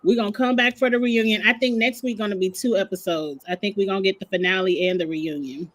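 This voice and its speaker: A woman co-hosting a casual chat show, relaxed and conversational as she speculates. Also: medium pitch, fast, noisy background. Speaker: podcast co-host.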